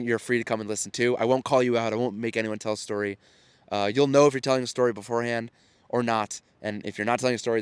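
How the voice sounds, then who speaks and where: In his thirties, this podcast host and storytelling coach delivers a casual solo monologue on his own show, earnest and encouraging, frequently restarting sentences. His mid-range voice is clear and resonant, with no room sound.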